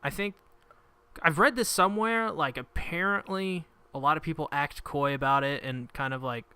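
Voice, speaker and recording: Bright, smooth-voiced man chatting casually. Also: fairly high pitch, normal speed, no room sound. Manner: chatty and curious, asks questions. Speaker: podcast guest. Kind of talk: casual chat.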